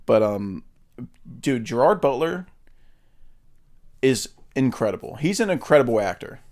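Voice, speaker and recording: A man's voice: mid-range voice, very animated, measured pace, a little mellow. Opinionated man chatting about films. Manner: opinionated, swears casually, frequent fillers. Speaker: podcast co-host. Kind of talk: casual film chat.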